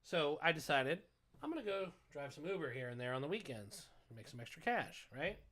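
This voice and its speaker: A podcast co-host tells a story as a casual, exasperated, animated rant laced with profanity. His voice is fairly high and a little fast.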